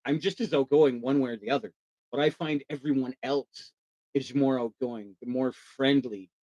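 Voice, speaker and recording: A man keeps a casual live stream lively, questioning his guest, answering chat messages, and acting out voices when quoting. He has a medium-pitched, slightly mellow voice at a moderate pace, with no echo and the highs cut off.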